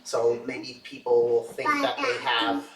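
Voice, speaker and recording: A man's voice: medium pitch, very animated, a little slow, a crowd in the background. A man leading a family study at home, explaining ideas thoughtfully. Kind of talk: casual family discussion. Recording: roomy echo, mic far off.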